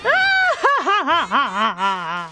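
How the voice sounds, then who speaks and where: A woman's voice: extremely high pitch, wildly swooping pitch, measured pace, a bit bright, soft background music, exaggerated voice. A woman voicing a gleeful, crude male robot bear mastermind who cackles and taunts in a video game. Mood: mocking.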